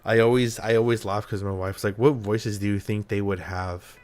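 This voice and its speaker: A young man chatting casually as host of a live stream, his voice sitting a little low. He rambles, jokes and swears offhandedly. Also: fairly even intonation, moderate pace, a little mellow.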